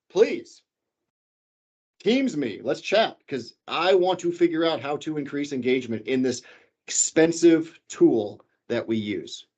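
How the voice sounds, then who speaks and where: A man leading a workplace training session, talking casually and animatedly, shifting his pitch and volume for emphasis. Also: lo-fi sound. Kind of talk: corporate training talk. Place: office.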